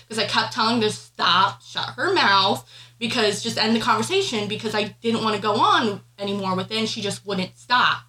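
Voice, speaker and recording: Bright-voiced woman telling a family story. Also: on the high side, brisk, a little hiss or hum, low-quality recording. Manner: emotional, animated retelling with many fillers. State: pregnant. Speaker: podcast co-host. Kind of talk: casual chat, personal storytelling.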